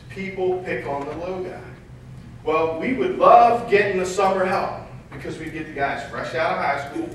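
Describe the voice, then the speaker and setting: A man giving a motivational keynote, telling lively anecdotes and acting out dialogue with laughter. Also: fairly high pitch, slight background noise. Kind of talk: storytelling keynote talk. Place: large event hall. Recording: echoey hall from far off.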